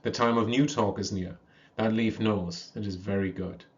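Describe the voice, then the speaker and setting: A man puts on a proud male black panther from a storybook, wry and teasing, speaking in a slow, knowing drawl. His voice sits low and comes through a dull, lo-fi recording. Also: fairly even intonation, lightly acted. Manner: mock-humble drawl.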